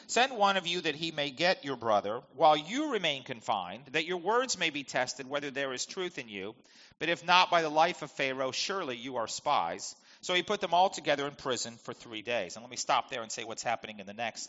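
With a medium-pitched voice that is bright and forceful, a man reads from the Bible and teaches it verse by verse, talking it through conversationally and asking rhetorical questions. The recording sounds dull and lo-fi, and a long hall reverb trails behind it.

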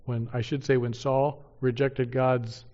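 A man's voice: medium pitch, level tone, darkish tone. Man teaching scripture on a lo-fi recording. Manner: reads scripture aloud slowly and emphatically, asks the audience rhetorical questions. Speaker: Bible teacher. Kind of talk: verse-by-verse Bible teaching.

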